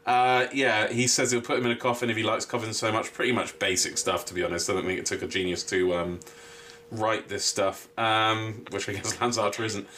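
A man co-hosting a casual wrestling chat, animated and swearing freely. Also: on the low side, fairly quick, slight background noise. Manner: animated, swears a lot, mimics people he quotes. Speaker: wrestling podcast co-host.

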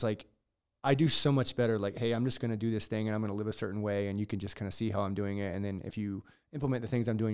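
Earnest low-voiced male podcast guest. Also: a little mellow, smooth. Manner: earnest, reflective. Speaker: podcast guest, gym owner. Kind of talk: casual chat.

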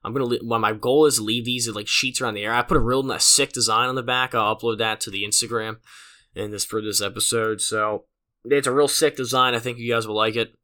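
A man's voice: mid-range voice, steady tone, fairly quick, pushed and bright. A teenage man hosting his own podcast, rambling casually with lots of fillers and self-deprecating asides. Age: late teens. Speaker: podcast host. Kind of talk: casual solo podcast monologue.

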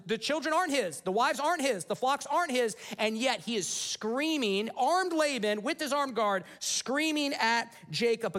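A man preaching a sermon, retelling scripture in an animated, casual storytelling manner. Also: very high voice. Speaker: pastor.

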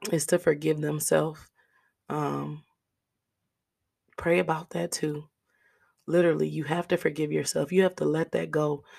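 Hoarse woman hosting a solo podcast, gravelly fry, level delivery, earnest talk to listeners. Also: sits low, a little mellow. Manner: earnest, direct encouragement to listeners as "y'all". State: raspy, hoarse voice. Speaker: podcast host.

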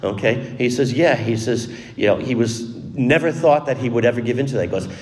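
A middle-aged man preaching a homily as a priest, at an ordinary mid-range pitch. He tells his story in an earnest, conversational way. His voice carries a long, roomy reverb, as if he were recorded in a large hall. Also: fairly quick. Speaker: Catholic priest.

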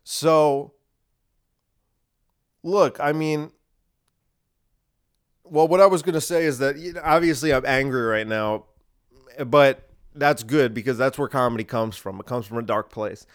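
A young man hosting a podcast, delivering a heated, combative monologue that swings between loud and quiet. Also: medium pitch, measured pace, pauses often, smooth. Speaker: podcast host. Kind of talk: ranting monologue.

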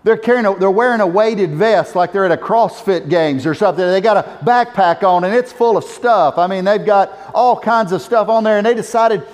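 A man's voice: sits high, normal speed, few pauses, a little mellow. A male pastor preaching a sermon, impassioned and building to emphatic exhortations. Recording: echoey church hall reverb.

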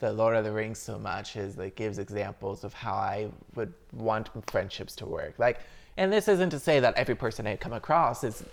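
A man's voice: on the low side, normal speed, vocal fry. A man in casual podcast chat, talking earnestly and filling his sentences with "like". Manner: earnest, filler-heavy with many "like"s.

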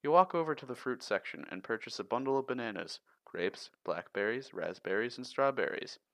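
A man co-hosting a casual podcast, reading long riddles aloud in a steady listing way. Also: medium pitch, a little fast, no room sound. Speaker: podcast co-host.

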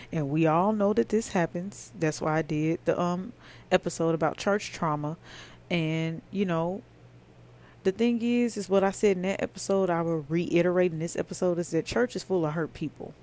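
A woman's voice: fairly low pitch, a little mellow. A woman hosting a faith podcast, speaking earnestly and conversationally, preaching straight to her listeners. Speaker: podcast host.

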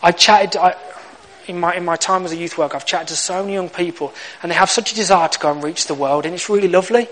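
A young man with a high, slightly bright voice talks fast as he preaches a sermon, telling humorous stories and acting out little exchanges. The recording quality is low.

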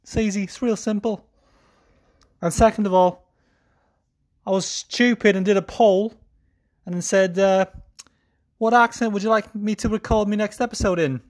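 A man's voice: sits high, steady tone, moderate pace, long pauses. Man doing a put-on Scouse accent. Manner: putting on a mock Liverpool accent, self-mocking. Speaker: podcast host. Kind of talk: casual MMA recap podcast.

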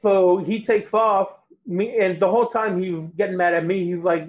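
A high-pitched young man tells a long rambling story, stumbling over his words and breaking into lively quoted voices. His voice comes through a thin, phone-like line. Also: normal speed, few pauses. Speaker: guest. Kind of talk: casual storytelling chat.

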